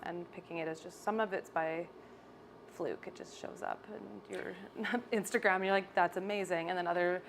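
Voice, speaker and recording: A young woman with a Canadian accent, a salon owner chatting in an interview, bubbly and animated, often laughing as she tells stories. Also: fairly low pitch, moderate pace, creaky, a little hiss or hum. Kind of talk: casual interview chat. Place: hair salon.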